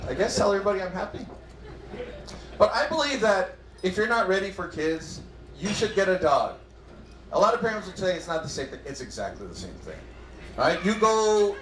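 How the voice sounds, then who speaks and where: A man in his thirties performing a stand-up comedy set on a club stage, acting out his family's lines in quick animated bursts. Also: high-pitched, a little hiss or hum. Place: comedy club stage before a live audience. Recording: roomy club sound.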